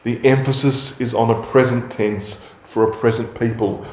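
A man preaching a sermon in a measured way, building on emphatic repetition. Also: mid-range voice, steady tone, roomy sound.

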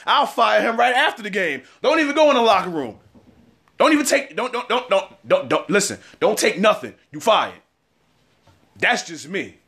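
Dude in his 30s doing a sports rant, high voice, keeps repeating himself at the other team's fans. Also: a bit bright. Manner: trash-talking, addresses fans directly with repetition. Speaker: sports commentator. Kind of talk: casual sports opinion segment.

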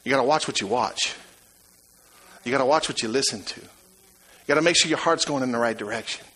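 A man preaching a sermon, emphatic and repetitive, swinging from loud to hushed. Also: mid-range voice, fairly quick, breathy edge, rough recording.

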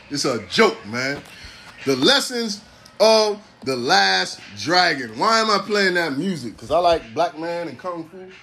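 A man in his forties delivering a casual comedic monologue, animated, preachy and full of profanity. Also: fairly high pitch, slight background noise. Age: 40s.

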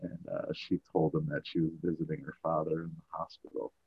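Podcast host, male, very low and husky, rambling recap, filler-heavy. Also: flat delivery, brisk, no echo. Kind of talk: casual show recap. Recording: dull, dry audio.

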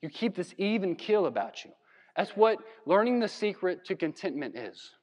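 A man from Virginia preaching a sermon in a conversational, animated way, with laughs and asides. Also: high-pitched, normal speed, in a large hall. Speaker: pastor. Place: church hall.

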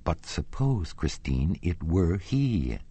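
A man's voice: sits low, very animated, slow pace, warm tone, slightly rough, no echo, exaggerated voice. A man reading the lines of an anxious, obstinate young man in an audiobook, asking probing, suspicious questions.

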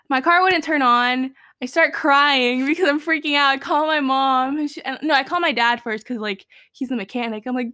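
A young adult woman chatting with a friend, telling a long, animated story full of fillers. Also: fairly high pitch, no echo. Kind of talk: casual chat between friends.

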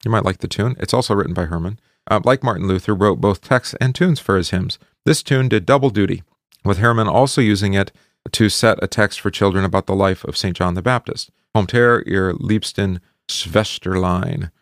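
A man's voice: lowish voice, brisk, no room sound, clean studio sound. A middle-aged man giving a casual hymn study talk, conversational, with many fillers and asides. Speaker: hymn teacher.

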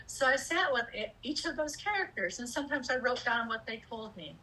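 Woman, 50s, candid personal storytelling, expressive, swears casually, acts out inner voices, slightly high voice. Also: brisk, hardly any pauses, a little hiss or hum, poor audio. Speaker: speaker sharing personal experience.

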